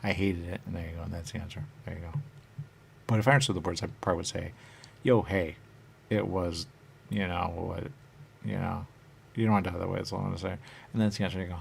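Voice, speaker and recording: A man talking in a rambling, trance-like monologue, halting and repeating the same phrases over and over. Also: low-pitched, fairly even intonation, gravelly, slight background noise. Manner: repetitive, halting, circles back on phrases.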